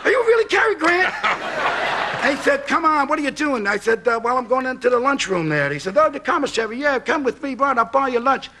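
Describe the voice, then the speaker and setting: Bright, high-voiced New storyteller, older man. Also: fast, hardly any pauses, a little hiss or hum. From Brooklyn, New York. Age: 60s. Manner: animated storyteller acting out both sides of the dialogue. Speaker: talk show guest. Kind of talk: comic anecdote on a late-night talk show. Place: TV studio.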